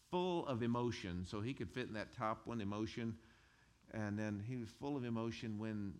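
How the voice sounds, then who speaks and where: A male pastor who preaches a sermon in a conversational, animated way and chuckles between his points. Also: lowish voice.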